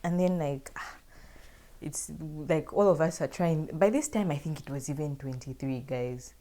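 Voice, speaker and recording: Low-voiced woman telling a story. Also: moderate pace, mellow. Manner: chatty, filler-heavy, addresses viewers directly. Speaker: vlogger telling a personal story. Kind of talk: casual storytime.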